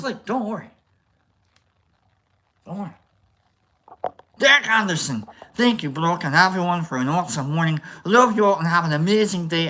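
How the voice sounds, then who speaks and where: A woman's voice: low voice, bright, forceful tone, slight background noise. A woman hosting a casual livestream, reading out chat in a put-on Scottish accent that keeps drifting into other accents. She rambles playfully, mocks herself and swears freely. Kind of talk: casual live-stream chat.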